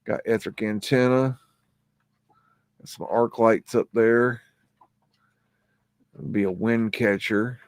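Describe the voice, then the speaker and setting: A man's voice: fairly low pitch, steady tone, slow, long pauses, dry recording, studio quality. A man hosting a live stream, rambling casually as he comments on old photos and scolds his dog in between.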